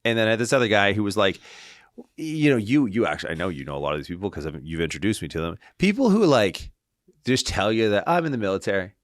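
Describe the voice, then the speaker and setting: A man with a very deep voice talks as a podcast guest and clinician. His delivery is animated and casual, full of "like" and "right?", with the odd casual swear. The sound is dry, with no room in it. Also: fast talker, dry recording. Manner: animated, tags lines with "right?" and "like". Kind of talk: casual interview storytelling.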